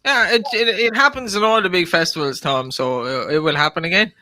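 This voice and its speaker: A man's voice: high voice, a little fast, sharp tone, no room sound. A man hosting a horse racing tips podcast, teasing his co-hosts and laughing often. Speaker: podcast host. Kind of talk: lively betting podcast banter.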